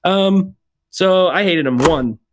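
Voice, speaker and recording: A man's voice: high-pitched, takes it slowly, background noise. A young man hosting a movie review podcast, chatty and opinionated, often laughing into his words. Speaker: podcast host. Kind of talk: casual movie review chat.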